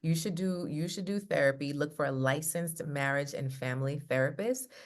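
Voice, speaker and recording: Animated woman love coach on a call. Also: low-pitched, moderate pace. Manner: animated storyteller acting out quotes. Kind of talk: casual chat. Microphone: video call.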